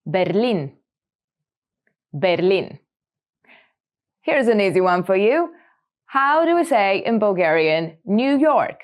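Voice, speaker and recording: A woman hosting a scripted vocabulary lesson, repeating each word slowly and clearly for learners. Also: medium pitch, lively intonation. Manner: slow, clear repetition of words for learners. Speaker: language lesson host.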